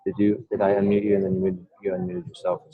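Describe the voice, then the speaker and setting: A man with a fairly low voice hosts a casual group call. He speaks calmly and reflectively, pausing often and searching for words. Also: husky, phone-quality sound. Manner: calm, reflective, halting with fillers. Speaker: call facilitator.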